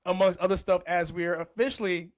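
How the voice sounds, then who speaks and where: This is a man co-hosting a podcast and chatting casually with his co-hosts. His voice sits high for a man. He is easygoing, laughs often and pushes back lightly when he is teased. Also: steady tone, a little fast, no echo. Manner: laid-back and laughs often, defends himself. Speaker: podcast co-host. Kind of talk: casual streamed podcast banter.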